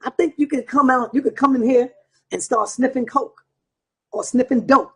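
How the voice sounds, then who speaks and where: Very husky man ranting to his viewers. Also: sits high, fairly bright tone. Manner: profane, combative, preaching to viewers. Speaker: online show host. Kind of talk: heated ranting monologue.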